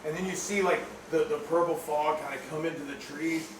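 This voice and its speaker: A man runs a tabletop game, spinning the scene out loud with endless fillers and sudden shouted bursts. His voice sits a little high for a man. He is picked up from far off in an echoey home room with clear background noise. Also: brisk. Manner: animated storytelling with many fillers, bursts into shouts. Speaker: game master.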